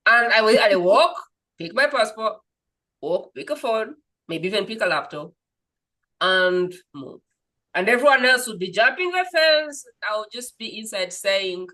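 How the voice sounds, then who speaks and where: A woman hosts a podcast in a loose, conversational way, with a bright, forceful tone. She rambles and restarts mid-thought, then slips into little acted-out quotes. Her pitch sits in the middle of the range. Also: unhurried, poor audio. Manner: animated storyteller, acts out quoted voices. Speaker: podcast host. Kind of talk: casual conversational interview.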